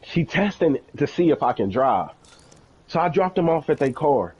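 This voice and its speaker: Animated young man telling a profane story. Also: a little high, moderate pace, breathy edge, lo-fi sound. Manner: animated, profane, acts out quoted dialogue. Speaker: streamer. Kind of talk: casual storytelling on a game stream.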